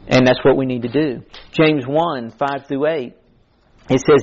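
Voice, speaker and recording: A man's voice: mid-range voice, fairly even intonation, a little slow, muffled recording. A man preaching a sermon in an earnest, conversational way, quoting scripture as he goes.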